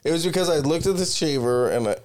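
A man's voice: a little high, expressive, quick pace, a little mellow. A man in a casual podcast chat, speaking bluntly and swearing freely. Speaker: podcast host.

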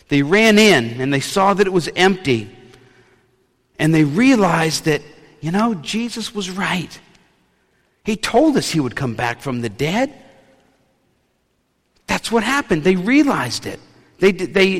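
Animated male preacher in a reverberant hall. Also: a little high. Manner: animated storytelling with playful asides. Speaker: pastor. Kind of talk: sermon.

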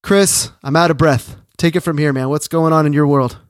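Upbeat podcast host, man, rather high voice. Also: steady tone, moderate pace, no echo, clean studio sound. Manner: upbeat, hyped-up, salesman-like delivery. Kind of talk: energetic podcast interview.

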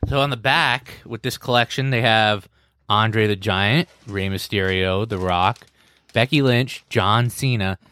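A man's voice: on the low side, measured pace, pushed and bright, smooth, no room sound. A man co-hosting a podcast, asking curious questions and reacting in casual chat. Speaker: podcast co-host.

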